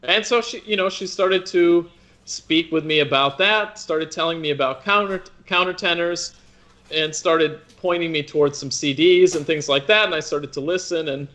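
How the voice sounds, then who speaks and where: Bright-voiced man, thoughtful guest. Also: fairly high pitch, normal speed. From United States. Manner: thoughtful, many restarts and "you know". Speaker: opera singer, guest. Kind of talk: conversational interview.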